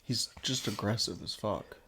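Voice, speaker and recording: A man's voice: on the low side, normal speed, sharp tone, slightly rough. A man co-hosting a casual comedy podcast in a dry, laid-back way, swearing casually. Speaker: podcast co-host.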